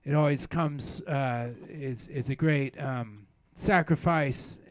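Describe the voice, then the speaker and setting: A man's voice: slow, dry recording. A male host of a comedic variety show, rambling with many hesitations in a mock-solemn way. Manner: rambling, hesitant, mock-solemn, breaks into high laughing apologies. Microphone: studio microphone.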